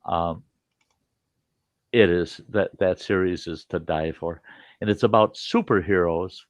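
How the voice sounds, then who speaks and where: A man's voice: low-pitched, measured pace, dry recording. An older grandfather hosting a livestream, telling rambling, profane stories and laughing as he chats. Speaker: livestream host. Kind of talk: casual storytelling chat.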